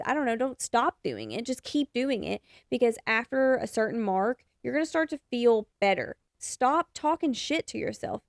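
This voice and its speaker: A woman's voice: fairly high pitch, gravelly, a little mellow, no room sound, clean studio sound. A young adult woman hosting a podcast, giving frank, encouraging advice in a casual way and swearing now and then. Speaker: podcast host and photographer.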